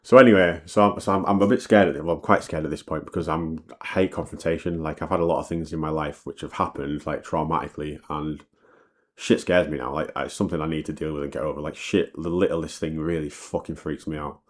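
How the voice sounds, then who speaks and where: A bass-voiced man, fairly even in intonation, tells a personal story as a casual storytime monologue. It's rambling and full of swearing, restarts and repeats, and he knows he talks fast.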